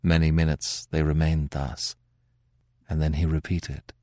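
A man hosting a podcast, narrating a classic tale in a dramatic, expressive reading with swelling emphasis. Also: extremely low pitch, a little slow, dry recording.

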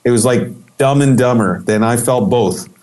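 A man's voice: mid-range voice, normal speed. A middle-aged man in a casual interview, telling a long story with lots of life and playing out the people in it. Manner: animated anecdotal storytelling, acts out quoted voices. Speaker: interview guest, photographer.

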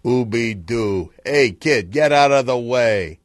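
A man's voice: medium pitch, expressive, takes it slowly, no room sound, clean studio sound. A man doing a swaggering impression of a famous older male crooner in an improv comedy sketch. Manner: swaggering, slangy.

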